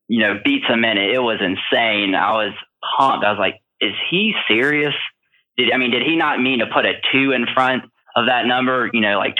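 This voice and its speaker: A man who is a guest on a podcast, telling a deal story in a casual, rambling way with lots of fillers, heard over a phone line. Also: medium pitch. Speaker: podcast guest, real estate wholesaler.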